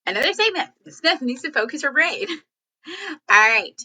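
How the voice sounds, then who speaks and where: A woman teacher talks through a lesson in a chatty, animated way, now and then acting out example sentences. Her voice sits a little high and sounds bright and crisp. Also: measured pace, pauses often, low-quality recording. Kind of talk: classroom lesson video.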